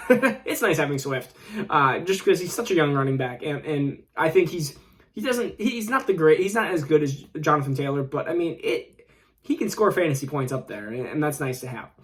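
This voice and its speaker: A man hosting his own fantasy football show talks in a loose, rambling way. His voice sits a little high, and he often restarts sentences and chuckles as he goes. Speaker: fantasy football channel host. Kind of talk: casual solo commentary.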